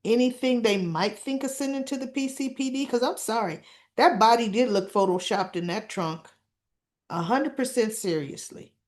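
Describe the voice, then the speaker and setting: A woman hosting a soap opera recap, talking casually and with strong opinions, acting out the characters' lines in quick quotes. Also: a little high. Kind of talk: casual chat.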